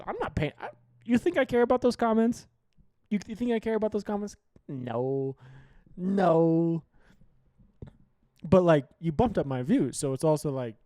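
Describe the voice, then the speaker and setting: A man from Colorado hosting a casual sports show, talking in a slightly high voice. He rants bluntly and swears freely. His sentences restart and repeat as he pushes his point. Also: darkish tone. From Colorado, USA. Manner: profane, blunt, ranting with heavy swearing; restless, restarts and repeats himself.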